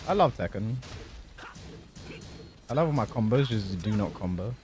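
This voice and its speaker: A man putting on a goofy, higher "spooky" voice with a laid-back, slangy drawl. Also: animated, moderate pace, a little mellow, faint music behind, natural voice. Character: goofy young man's put-on "spooky" voice.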